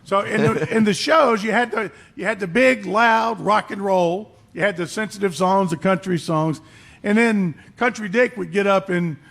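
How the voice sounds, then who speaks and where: A man moderating an onstage panel, asking a halting question as he searches for words. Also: high-pitched, creaky, fairly bright tone. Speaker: interviewer.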